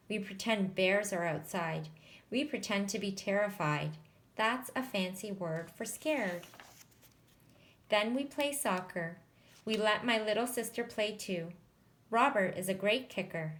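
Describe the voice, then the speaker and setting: A woman's voice: mid-range voice, unhurried, a bit bright. A woman reading a children's picture book aloud in a careful manner, explaining the meaning of words. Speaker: storybook reader.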